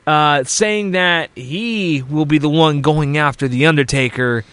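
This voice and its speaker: Guy rambling through a wrestling recap, kinda high voice, dry close sound. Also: a bit bright, clear, resonant tone, dry recording. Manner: rambling, halting recap with fillers and restarts. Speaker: podcast host recapping wrestling. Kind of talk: casual chat.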